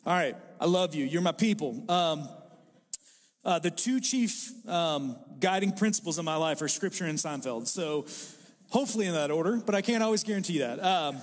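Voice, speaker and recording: Brief: male pastor, forties, high voice, casual joking sermon, church hall reverb. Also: moderate pace. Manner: conversational and joking, with animated impressions. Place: church hall with a live congregation.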